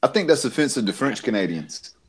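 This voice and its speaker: A man's voice: medium pitch, sing-song, fairly quick, a little hiss or hum. A man hosting a casual live-stream chat, joking crudely, swearing and laughing often. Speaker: host.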